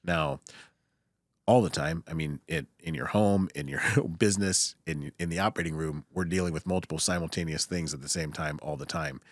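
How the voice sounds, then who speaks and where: A man with a low voice speaks as a surgeon in relaxed podcast conversation. He sounds calm and reflective, circling back to rephrase his points. The sound is dry and close, with no room echo. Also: brisk. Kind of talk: casual podcast chat.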